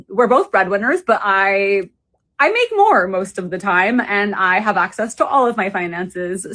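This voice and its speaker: A woman's voice: medium pitch, normal speed, a bit bright. A woman talking casually in a clip, full of "like" and rising endings. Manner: chatty, lots of "like", rising upspeak endings. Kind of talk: casual vlog talk played as a clip.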